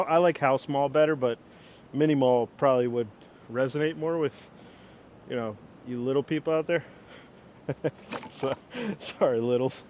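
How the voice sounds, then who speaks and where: A young man in his twenties chatting casually outdoors as he works with an old axe, rambling and poking fun at himself. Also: dull audio. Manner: rambling, self-mocking, chuckles often. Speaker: woodworking vlogger. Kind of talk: casual outdoor demo chat. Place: outdoors in the wind. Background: wind rumble.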